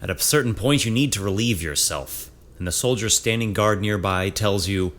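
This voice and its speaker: A man narrating a tabletop adventure as game master in a measured storytelling manner. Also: on the low side, a bit bright.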